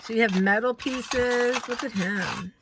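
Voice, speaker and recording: A woman with a fairly high voice vlogs casually from indoors at her home, speaking unhurriedly in a very noisy recording. Her casual chat is chatty and rambling, and she often says "y'all."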